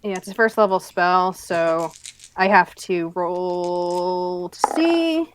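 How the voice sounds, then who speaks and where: A woman playing a tabletop game, calm and matter-of-fact. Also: on the low side, slow. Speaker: player. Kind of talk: casual play chat.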